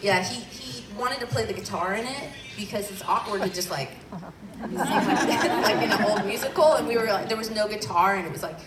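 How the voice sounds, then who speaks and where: A woman musician from Southern California, speaking at medium pitch and a brisk pace, chats casually as an interview guest, rambling with many restarts and fillers. The recording is roomy with a distant mic, plus crowd sounds and noise.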